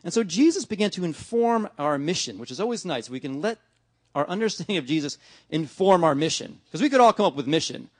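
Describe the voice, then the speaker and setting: A man's voice: a little high, very animated, fairly quick, no echo, studio quality. A middle-aged male pastor giving a conversational sermon, often acting out his talks with God. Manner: conversational preaching with many "right?" and "man"; acts out dialogues with God.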